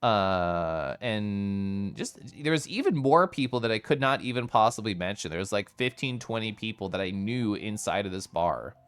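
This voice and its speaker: A young man from the United States, an energetic streamer chatting casually with his viewers and answering chat, with frequent laughs and asides. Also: lowish voice, moderate pace, few pauses, clear, resonant tone. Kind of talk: casual live-stream chat, reading chat aloud.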